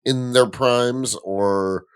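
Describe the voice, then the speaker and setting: A man's voice: medium pitch, fairly even intonation, drawn-out words, smooth. A man co-hosting a casual comics podcast, talking in a laid-back, slangy way. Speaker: podcast co-host. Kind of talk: casual chat.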